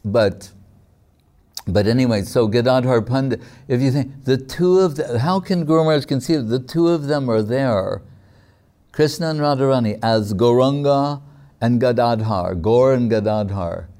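A man giving a devotional discourse, telling stories in a reflective, halting way with frequent fillers. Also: mid-range voice, dark tone. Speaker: spiritual teacher.

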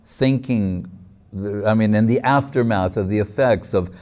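Man, mellow tone, devotional teacher, reflective storyteller, halting delivery. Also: on the low side. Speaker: spiritual teacher. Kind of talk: devotional discourse.

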